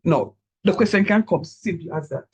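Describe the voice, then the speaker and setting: A man teaching a calculus class, encouraging his students and repeating key steps slowly so they follow. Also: sits high, animated, a little mellow, muffled recording. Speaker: calculus lecturer. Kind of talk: online math lecture.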